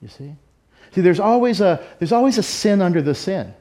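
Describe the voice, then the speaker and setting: A man's voice: high-pitched, animated, moderate pace, mellow. A middle-aged man preaching a sermon in a candid, self-deprecating, conversational way. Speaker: pastor. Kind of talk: sermon with personal story.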